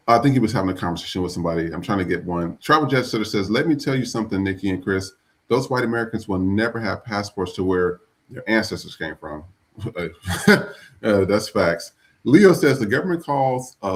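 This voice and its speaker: A man hosting a live podcast, talking bluntly and profanely in a rambling, casual way with many restarts. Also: on the low side. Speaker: podcast host.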